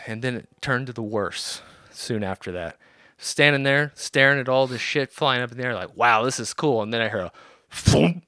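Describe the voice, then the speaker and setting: A profane man with a bright voice. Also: mid-range voice, moderate pace, dry recording, clean studio sound. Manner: profane, animated storyteller. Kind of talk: casual storytelling.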